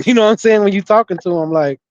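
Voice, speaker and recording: A young man co-hosting a podcast tells loose, profane stories in casual chat, laughing often. His voice is high and quick. The recording is dull, lo-fi, and dry with no echo.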